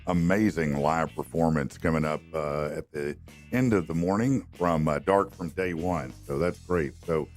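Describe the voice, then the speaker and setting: Deep-voiced man hosting a morning show. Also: a little mellow, soft background music. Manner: upbeat, loose, drawn-out fillers. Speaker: radio show host. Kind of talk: casual morning show chat. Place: studio. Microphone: studio mic.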